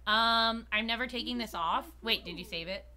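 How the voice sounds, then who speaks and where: Bright-voiced woman streamer reading a game. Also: fairly high pitch, moderate pace. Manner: playful, jokey, reading narration. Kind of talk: reading a dating game aloud with commentary.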